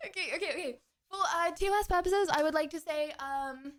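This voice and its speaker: A young adult woman streamer chatting with her viewers in her home kitchen, excitable and joking, out of breath from standing and kicking. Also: high-pitched, fast. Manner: bubbly, excitable, joking with chat. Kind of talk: casual live-stream chat. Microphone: streaming mic, wearing headphones.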